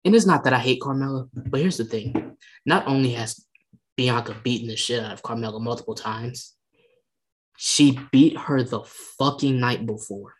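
A wrestling fan ranting in casual conversation. The speaker keeps a middle pitch, heated and profane, and keeps breaking into loud, emphatic bursts despite trying to keep it down. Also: moderate pace, poor audio. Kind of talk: casual rant.

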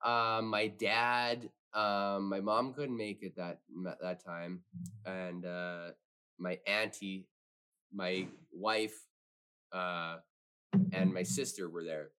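A man's voice: low-pitched, steady tone, slow, sharp tone, clear, resonant tone. A man guesting on a podcast, rambling through a hockey story in casual chat, full of fillers and swearing.

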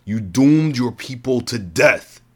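A man with a lowish voice playing a cold, contemptuous male villain who accuses and condemns the rulers he faces. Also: lively intonation, moderate pace. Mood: accusing, angry. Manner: scornful, accusing.

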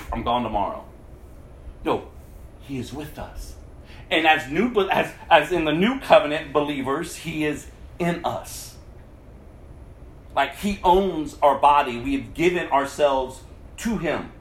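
Male preacher, unhurried sermon, lively higher voice, swings hushed to loud, echoey church hall. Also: a little hiss or hum. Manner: addresses the congregation directly. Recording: echoey room.

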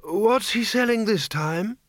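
A man voicing a calm, dry-humored young woman who speaks levelly. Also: high-pitched, slow, dry recording, pitched above the performer's own voice. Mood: puzzled.

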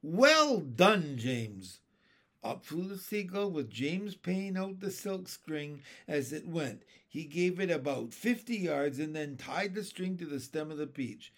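A man reading a children's book aloud in an expressive, unhurried way. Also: a little high. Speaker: storyteller.

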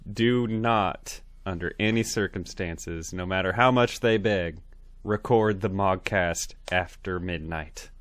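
A man's voice: low voice, slow pace, a bit bright, dry recording. A man putting on a put-on Southern drawl to play a folksy male shopkeeper handing out warnings about rules. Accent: put-on American Southern. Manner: drawling, with stern rule-giving warnings.

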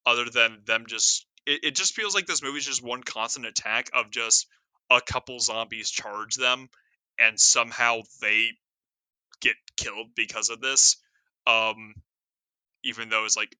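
A man's voice: mid-range voice, fairly even intonation, a little slow, sharp tone, clear, resonant tone, no room sound. A man in casual chat about a movie, wry and joking, stumbling over his restarts.

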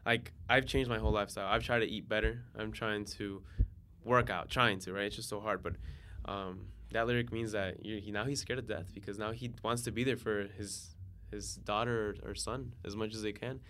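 Young man in his twenties, bright forceful tone, relaxed chatty guest storyteller. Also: fairly low pitch, brisk, slight background noise. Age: 20s. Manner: laid-back storytelling, slangy and animated when excited. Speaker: guest, DJ and software engineer. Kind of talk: casual podcast chat.

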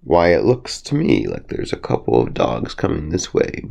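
A man voicing a calm, crafty, wise old rooster in a bedtime storybook. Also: extremely low pitch, normal speed, creaky, heavily acted. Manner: calm, dry.

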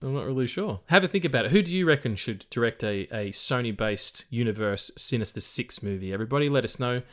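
A relaxed man hosting a film chat podcast at a middle pitch. He talks casually, swears easily, and drifts into reading out movie trivia. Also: quick pace. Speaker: podcast host.

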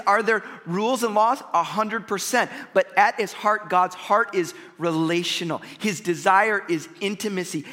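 A man preaching a sermon as pastor, energetic and conversational, talking straight to the congregation. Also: high voice, big-room sound.

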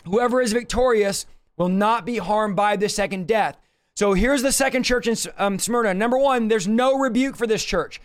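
A man with a strikingly high-pitched voice preaches on a livestream from his home office. He teaches scripture with urgency and emphasis. He drives his points hard and keeps breaking into quick asides. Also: smooth. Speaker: pastor.

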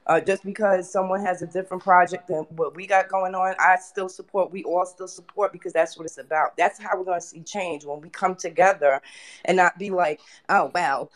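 Energetic woman hosting an audio chat. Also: lowish voice, brisk. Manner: energetic, preachy, with frequent fillers and laughs. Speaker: host. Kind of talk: motivational talk on a live audio chat.

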